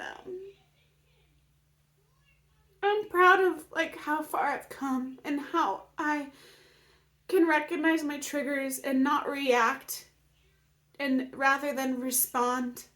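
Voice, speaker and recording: A woman with a high, slightly bright voice talks openly about her healing in a casual personal vlog. She's emotional and close to tears, filling her speech with fillers and sometimes dropping to a whisper.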